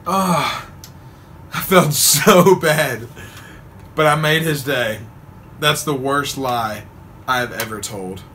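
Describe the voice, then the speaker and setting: Young man, vlogger, bright tone, faint background noise, laughing storyteller. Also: fairly high pitch. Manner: animated, laughs often, acts out quotes. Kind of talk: casual storytelling.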